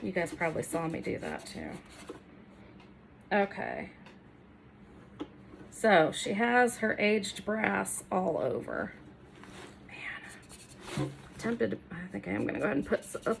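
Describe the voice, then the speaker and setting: A woman's voice: mid-range voice, very animated, unhurried, gravelly, pauses often, slight background noise. Chatty woman narrating a DIY makeover. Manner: chatty, self-deprecating, talks while working. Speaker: furniture makeover creator. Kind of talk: casual DIY tutorial chat. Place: home workroom, indoors.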